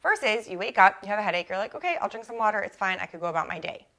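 A young adult woman hosting her own coaching podcast, talking casually and animatedly, full of "like" and quick self-corrections. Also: medium pitch, expressive, sharp tone. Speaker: life coach and podcast host. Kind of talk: casual solo podcast teaching.

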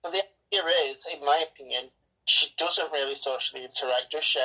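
A woman's voice: low-pitched, fast talker, bright, forceful tone, breathy edge, rough recording. An Englishwoman chatting bluntly and enthusiastically about a film, swearing freely. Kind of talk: casual film review chat.

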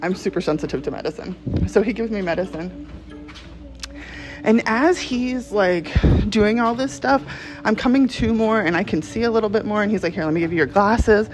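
A woman telling a casual storytime to camera, animated, laughing often and swearing freely. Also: mid-range voice, normal speed, poor audio.

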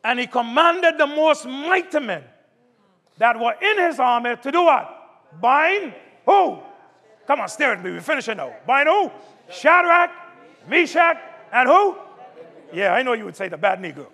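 A man preaching a sermon, calling out to the congregation and building up to shouts. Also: very high-pitched, sing-song, a little slow. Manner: call-and-response preaching, rising to shouts. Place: church sanctuary. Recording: long hall reverb.

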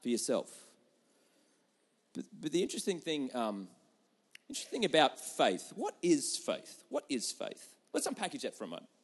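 A young adult man preaching a sermon, telling stories with lively swings between loud and hushed delivery. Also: fairly high pitch, breathy edge. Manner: animated storytelling with quick shifts between loud and hushed. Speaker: pastor.

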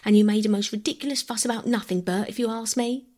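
A woman voicing a tart, scolding working-class wife who talks briskly in rough dialect, with a breathy voice. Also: a little high, fairly even intonation, a little mellow, voice pushed up, natural voice.

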